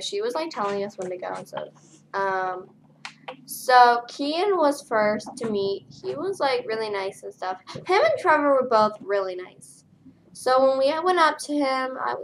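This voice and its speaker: A woman's voice: mid-range voice, slight background noise. Tired young woman rambling casually. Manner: tired, flat delivery with many fillers. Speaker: vlogger. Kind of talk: casual storytelling vlog.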